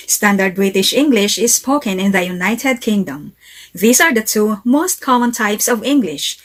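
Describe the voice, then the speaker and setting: A woman narrates an English lesson at an unhurried, slow pace. Her delivery is careful and deliberate, word by word, in a middle-pitched voice. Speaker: English teacher.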